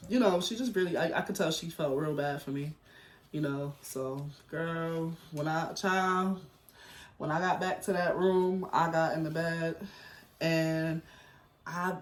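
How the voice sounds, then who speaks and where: A man's voice: a little high, steady tone, a little slow. A middle-aged man telling a personal story in a rambling, chatty way at home, heavy on slang and fillers. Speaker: vlogger. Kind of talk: casual storytelling chat. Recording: roomy echo.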